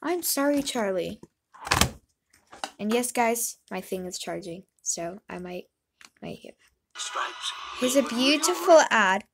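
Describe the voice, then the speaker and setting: A woman's voice: mid-range voice, very animated, gravelly, heavy background noise. A woman hosting a casual reaction video, chatting with her viewers and her cousin. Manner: chatty, slow-paced, addressing viewers. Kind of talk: casual chat.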